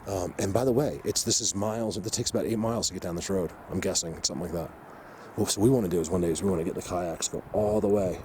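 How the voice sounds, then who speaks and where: Rambling excitable man, low voice. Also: fast talker, a little hiss or hum. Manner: rambling and excitable, many fillers and restarts. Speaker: vlog host exploring the outdoors. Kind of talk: casual walking vlog commentary. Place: outdoors in high mountain forest.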